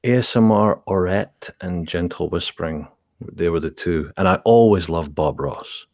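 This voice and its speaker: A Scottish man with a very low, deep voice talks through a casual chat, explaining things with examples and laughing easily. His voice is recorded close and dry, with no room sound. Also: moderate pace, darkish tone, dry recording. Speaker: guest ASMR creator.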